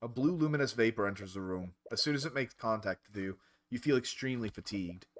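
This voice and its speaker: A man's voice: on the low side, fast talker. A man streaming a visual novel, reading its narration aloud. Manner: expressive narration. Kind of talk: reading game text aloud.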